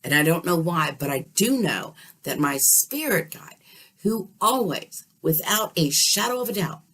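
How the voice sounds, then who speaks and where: A woman telling a story in a casual, animated way, often checking in with her listener. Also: fairly low pitch, unhurried, breathy edge. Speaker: dream vlogger.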